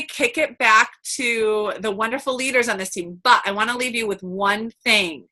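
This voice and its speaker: A woman's voice: mid-range voice, normal speed, pushed and bright. A woman giving a chatty, upbeat coaching talk over a video call, full of fillers and quoted asides. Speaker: team coach.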